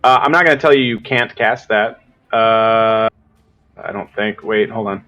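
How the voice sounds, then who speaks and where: A man's voice: lowish voice, a little slow, sharp tone, dull audio. A man running a tabletop game as game master, thinking aloud while he checks the rules.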